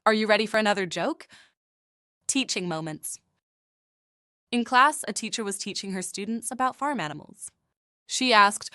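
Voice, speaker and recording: A woman's voice: mid-range voice, lively intonation, normal speed, pauses often, bright, forceful tone, dry recording, studio quality. A woman telling short scripted jokes in a chatty, playful storytelling manner. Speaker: joke teller. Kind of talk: scripted joke narration.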